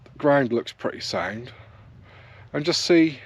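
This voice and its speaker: A wild camping vlogger from South West England chats easily to the camera while hiking across open moorland, casual, rambling, and easygoing. His medium-pitched voice is animated yet slow-paced with a breathy edge, and faint outdoor ambience sits in the background.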